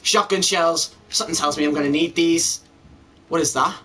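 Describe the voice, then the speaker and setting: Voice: mid-range voice, fairly even intonation, normal speed, fairly bright tone, far from the mic. A gamer giving let's-play commentary during a horror game, talking to themself and to viewers and swearing when startled.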